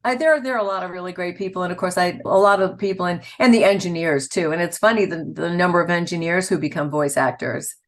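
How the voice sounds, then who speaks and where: A woman's voice: fairly low pitch, fast talker, few pauses. A woman, a voice actor telling stories in a casual interview and laughing often. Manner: chatty, laughs often, storytelling. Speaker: voice actor guest.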